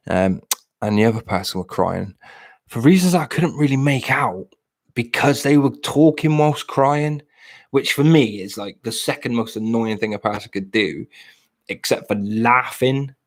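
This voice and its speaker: A British man in his late thirties to forties, chatting casually and ramblingly to his live stream viewers, self-deprecating. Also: mid-range voice. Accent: British English.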